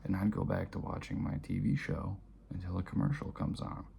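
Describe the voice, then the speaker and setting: Male vlogger, dark mellow tone with a little hiss behind, quiet, half-whispered delivery. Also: deep voice, fairly even intonation, fairly quick, creaky. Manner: soft-spoken, often dropping to a near-whisper. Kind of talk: personal storytelling to camera.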